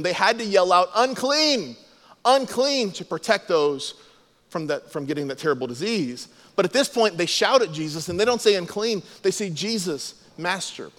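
A man's voice: high-pitched, long reverb tail. A man preaching a sermon as a pastor, explaining scripture and acting out the quoted lines.

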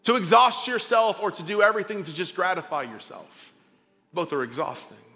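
A man preaching a sermon as pastor, talking informally and swinging between loud emphasis and quiet drops. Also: high voice, sing-song, a little fast, big-room sound, soft background music. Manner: conversational, informal asides.

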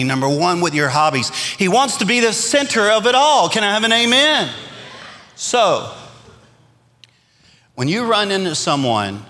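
High-pitched Cajun pastor preaching in a hall. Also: male voice, bright, forceful tone. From Louisiana. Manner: preaching with rising emphasis, asks for amens. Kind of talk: sermon. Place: church sanctuary. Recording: long hall reverb.

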